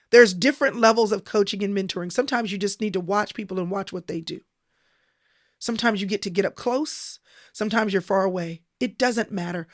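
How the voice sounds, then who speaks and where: A woman's voice: medium pitch, a little fast, no room sound, clean studio sound. A woman giving a motivational Christian sermon in an emphatic, repetitive preaching cadence. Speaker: Christian speaker.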